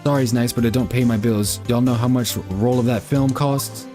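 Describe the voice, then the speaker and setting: A man's voice: medium pitch, fairly even intonation, normal speed, over music, natural voice. A man putting on a brash Southern country woman. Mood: scolding. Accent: put-on American Southern drawl. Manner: folksy, scolding, touchy.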